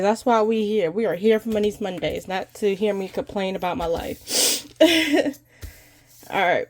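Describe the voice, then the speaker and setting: A chatty woman talks casually to her viewers, her voice stuffy and congested from allergies. She rambles loosely and colloquially at an ordinary pitch for a woman. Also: a little slow, darkish tone, a little hiss or hum. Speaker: budgeting vlogger. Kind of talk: casual chat to camera.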